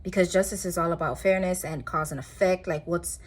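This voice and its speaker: A woman doing a casual tarot reading, talking in a chatty, rambling way with animated asides. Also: fairly low pitch, brisk. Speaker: tarot reader.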